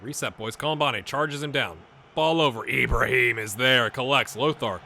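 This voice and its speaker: Excitable man commentating his football game. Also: medium pitch, moderate pace, gravelly, a little hiss or hum. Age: middle-aged. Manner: excitable, swings from mutters to shouts. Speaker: gaming YouTuber. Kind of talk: live gameplay commentary.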